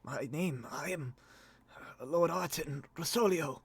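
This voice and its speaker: A man's voice: on the high side, creaky, husky, voice pushed up, heavily acted. A man putting on a cracked, feeble nobleman. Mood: bewildered. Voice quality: cracked, broken voice. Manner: pleading, halting, hushed. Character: weak, confused young nobleman lord. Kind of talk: tabletop role-play.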